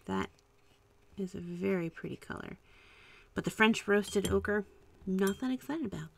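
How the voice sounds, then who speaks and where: A woman hosting a casual live stream at home, chatting and musing aloud while she paints, with soft trailing asides. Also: medium pitch, gravelly, dry recording. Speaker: art channel host.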